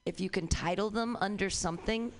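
A woman of middling pitch giving friendly feedback after a stand-up set. She rambles, restarts and trails off as she gathers her thoughts. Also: brisk. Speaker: workshop critic. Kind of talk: casual feedback.

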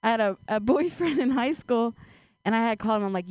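A woman performing a self-deprecating stand-up set, deadpan, laughing between jokes. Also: fairly high pitch, quick pace, no room sound. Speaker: stand-up comedian.

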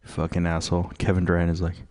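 A man's voice: sits low, completely flat delivery, fast, a little mellow, dry recording, studio quality. A man hosting a radio show, ranting in a profane, rambling, mocking way full of fillers. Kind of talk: crude rambling radio rant.

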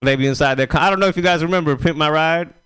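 Smooth-voiced man doing stand-up. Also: fairly high pitch, very fast, a bit bright. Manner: casual, rambling delivery with laughs. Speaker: stand-up comedian. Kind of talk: stand-up comedy set.

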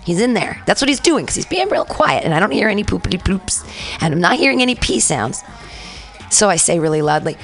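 A woman host telling an animated story on a radio talk show, acting out the quoted lines. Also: medium pitch, a little fast, faint music behind. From San Francisco. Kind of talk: casual storytelling chat.

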